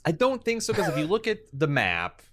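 A man's voice: fairly high pitch, huge pitch swings, brisk, fairly bright tone. A man co-hosting a podcast in casual chat, rambling and joking with some swearing. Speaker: podcast co-host.

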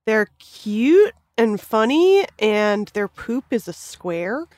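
A woman's voice: on the high side, very animated, darkish tone, no room sound. Chatty woman podcast guest, dry mic. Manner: chatty, laughing, quick asides. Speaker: guest writer. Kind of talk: casual podcast chat.

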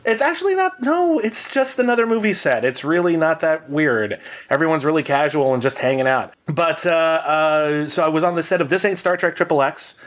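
A man's voice: fairly high pitch, normal speed, few pauses. Rambling, self-mocking man telling a story. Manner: rambling, self-deprecating and animated, with many fillers. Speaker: podcast co-host. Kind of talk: casual storytelling.

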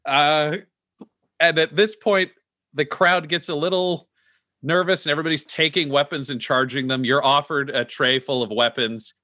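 A man narrating a tabletop role-playing game as game master, animated and descriptive, with frequent fillers. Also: fairly high pitch, normal speed, dry recording, clean studio sound.

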